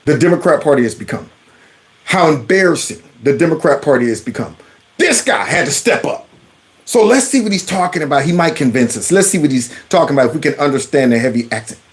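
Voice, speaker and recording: A man hosts his own reaction show, talking back to news clips with a mocking, animated delivery. His voice sits a little high and swings up and down widely. He breaks in often to argue with what he has just heard. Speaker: commentary channel host.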